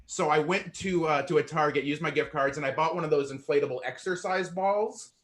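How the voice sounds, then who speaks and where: A man from Indiana doing a stand-up set on an online show, out of breath and self-deprecating, halting over fillers and laughing into his punchlines. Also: fairly high pitch, a bit bright. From Indiana, USA. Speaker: stand-up comedian.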